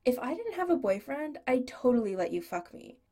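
Brash bubbly young man, as a woman reads him, lively voice, warm tone. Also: sits high, brisk, slightly rough, voice pushed up, heavily acted. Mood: cheeky. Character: cheeky, crude male friend writing notes.

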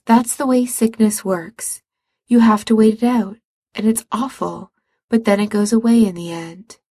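A practical, tired young man speaks slowly, with a faintly husky edge, as a woman reads him aloud in a storybook. He stays patient while his exasperation shows through, and the voice is close and dry. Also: medium pitch, fairly even intonation, warm tone, no echo. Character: weary, practical young man caring for a sick friend.

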